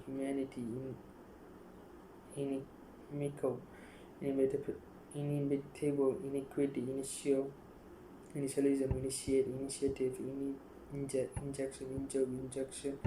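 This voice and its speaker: A man reading dictionary words aloud one after another, in a flat listing manner with frequent stumbles and restarts. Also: mid-range voice, normal speed, echoey room, noisy background. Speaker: youtuber.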